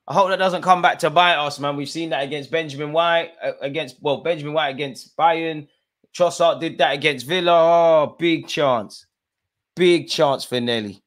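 A man hosting a live football watch-along. He bursts into loud shouts at the players and the referee, then drops to quiet, muttered asides. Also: moderate pace. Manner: excitable, shouts encouragement and complaints at players and referee; drops to low muttered asides between outbursts. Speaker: fan channel host.

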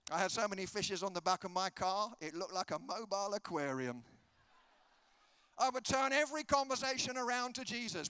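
Lively, bright-voiced British preacher. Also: male voice, sits high, fairly quick, clear, resonant tone, dry recording. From Britain. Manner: comic, acts out dialogue with exaggerated voices. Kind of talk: humorous sermon storytelling. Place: conference hall.

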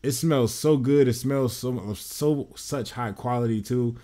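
A man's voice: medium pitch, measured pace, warm tone. Casting note: American man, fragrance vlogger, gushing and rambly, mid-range voice. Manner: enthusiastic, rambling, says "man" and "y'all" often. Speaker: fragrance reviewer. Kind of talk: casual review vlog.

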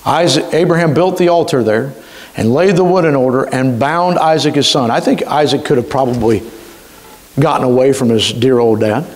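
A man pastor, preaching a sermon with emphatic delivery and slowly stretched key words. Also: mid-range voice. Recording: reverberant church hall.

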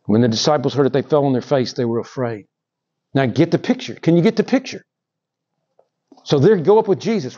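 A man preaching a sermon, swinging between raised, emphatic lines and hushed, drawn-out ones. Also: high-pitched, lo-fi sound. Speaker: pastor.

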